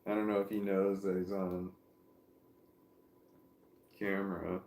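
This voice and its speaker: A man streams from home with his dog on his legs, speaking in a low, gravelly, slightly mellow voice with flat delivery and a measured pace. As a vlogger he drifts and self-interrupts while telling viewers about his dog, and the phone or camera on a stand picks up a roomy echo.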